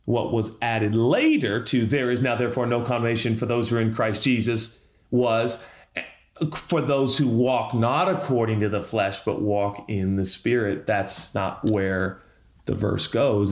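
A man's voice: lowish voice, fairly even intonation, a little slow. A man preaching a sermon as lead pastor, emphatic and building to impassioned appeals. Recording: roomy echo.

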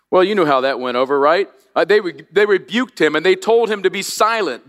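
A man leads a Christmas Eve sermon in a church. He talks to the congregation directly in a lively, folksy way, greeting visitors and children before moving into prayer. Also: high-pitched, brisk, few pauses, long reverb tail. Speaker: pastor. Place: church sanctuary.

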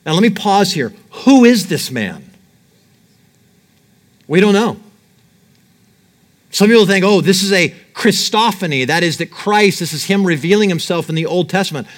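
A man's voice: high-pitched, normal speed, pauses often. A middle-aged male pastor preaching a sermon, reading scripture aloud and acting out the fear of the people in it. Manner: animated, reads scripture aloud and acts out Daniel's terror.

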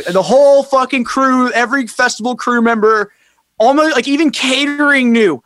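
A man with a high, light voice tells a rambling story in casual podcast chat. He swears freely and keeps jumping into other people's voices to act out what they said. The sound is dry and close, with no room around it. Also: moderate pace, no echo. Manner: animated, acts out quoted people in raised voices, swears freely. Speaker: podcast guest.

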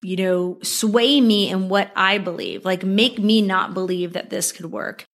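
A woman in her forties, a coach chatting casually with viewers about her own life, heartfelt and quick to laugh, her voice leaping up when she gets excited. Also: mid-range voice. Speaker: manifestation and tapping coach. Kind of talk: casual personal storytelling to viewers.

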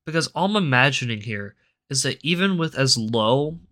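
An eighteen-year-old man hosts a solo commentary show, speaking at medium pitch and normal speed with a sharp tone and lively intonation. He rants, swears heavily, and rambles off on tangents.

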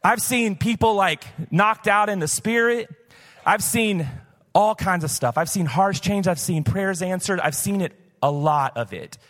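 A man's voice: high-pitched, a little slow, fairly bright tone. A man in his fifties, a pastor from the southern United States, preaching live in a church in a conversational, storytelling way. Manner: conversational, personal storytelling with many "like" fillers. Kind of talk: sermon. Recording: live church hall reverb.

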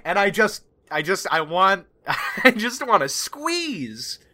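A player describing their character's actions in a tabletop game, animated and laughing often. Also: mid-range voice. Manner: animated, laughing, drawn-out speech. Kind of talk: casual tabletop role-play.

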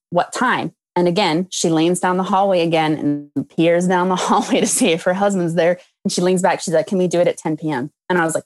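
Animated storytelling woman, dry sound. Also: mid-range voice, no room sound. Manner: animated, laughs often, acts out quotes. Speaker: guest. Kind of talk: storytelling testimony.

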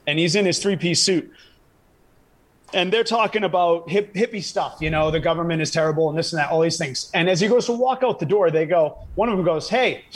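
High husky-voiced male comedian. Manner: animated, laughing, swaps between anecdote and bold claims. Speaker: stand-up comedian guest. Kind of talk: casual podcast chat.

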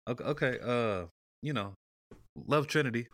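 A man's voice: mid-range voice, moderate pace, fairly bright tone, dry recording, clean studio sound. A man co-hosting a podcast, chatting loosely and steering the talk back to his topic. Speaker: podcast co-host. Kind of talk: casual sports chat.

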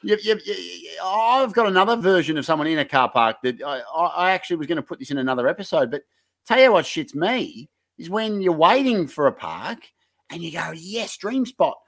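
A man's voice: on the high side, lively intonation, brisk, creaky, fairly bright tone. A man with an Australian accent hosting a comedy podcast, rambling and hyping things up with lots of fillers. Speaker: podcast host. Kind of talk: casual comedic podcast banter.

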